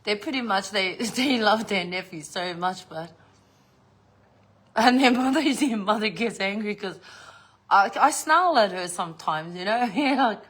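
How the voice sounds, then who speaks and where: A woman's voice: mid-range voice, animated, measured pace, a bit bright. An older woman, chatting casually to camera, swearing freely and laughing often as she tells stories. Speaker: vlogger.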